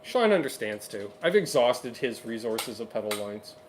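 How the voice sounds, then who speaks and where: Co-hosting a laid-back guitar show streamed live, this Canadian man has a mid-range, sing-song voice and reads out viewer comments with upbeat chatter and quick asides. A slight hiss or hum sits under the audio.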